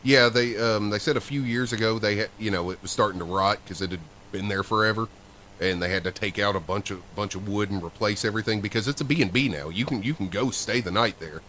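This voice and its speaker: This man talks fast in a lowish, pushed, bright voice while co-hosting a podcast. His story meanders, full of fillers and restarts, and a little background noise can be heard.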